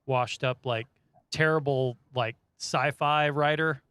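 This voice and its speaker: A man's voice: medium pitch, fairly even intonation, slow pace, a bit bright, clean tone, no room sound. A man hosting a podcast, talking loosely about movies, full of "like" and swearing. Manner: loose, swears a lot, many likes. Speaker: podcast host. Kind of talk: casual chat.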